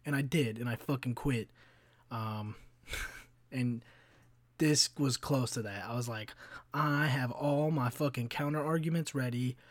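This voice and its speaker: A man's voice: mid-range voice, a little slow, long pauses, no echo. A man in his twenties hosting a podcast, telling stories in a rambling, profane, casual way, full of fillers. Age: 20s. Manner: profane, rambling, animated storytelling with frequent fillers. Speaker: podcast host. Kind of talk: casual solo storytelling.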